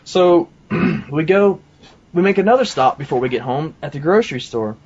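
A man's voice: a little high, animated, moderate pace, a little mellow, slightly rough, highs cut off. A man telling a personal testimony in a casual, rambling way, full of asides and fillers. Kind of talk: casual storytelling.

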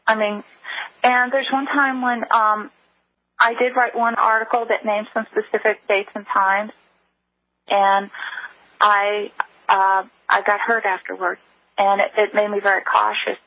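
Husky-voiced middle-aged woman, earnest. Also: medium pitch, flat delivery, pushed and bright, poor audio. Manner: earnest, halting, with frequent restarts. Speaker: interview guest. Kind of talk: recounting a personal story in an interview.

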